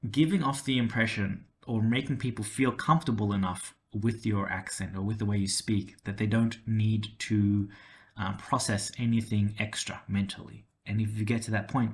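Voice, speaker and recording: A man with a mild Australian accent telling a personal story to camera, with many fillers and restarts. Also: fairly low pitch. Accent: Australian, toned down. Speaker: language-learning vlogger.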